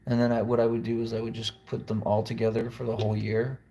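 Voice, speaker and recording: Gravelly, blunt man rambling. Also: mid-range voice, monotone, fast talker, mellow, a little hiss or hum. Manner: blunt, profane, wandering. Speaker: musician vlogger. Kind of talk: rambling confessional monologue.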